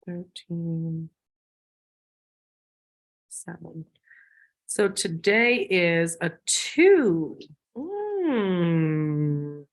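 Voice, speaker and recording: A woman's voice: lowish voice, sing-song, drawn-out words, pauses often. A woman hosting a casual spiritual conversation on her channel, chatty and thinking aloud with fillers and small laughs. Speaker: host.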